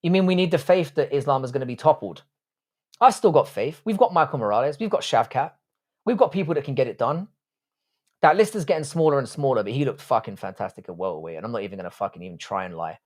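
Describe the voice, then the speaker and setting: A man's voice: medium pitch, lively intonation, fast talker, a little mellow. A man in his thirties hosting a casual live stream, swearing freely and bantering with his chat. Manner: profane, joking banter with chat. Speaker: livestream host reacting to fights.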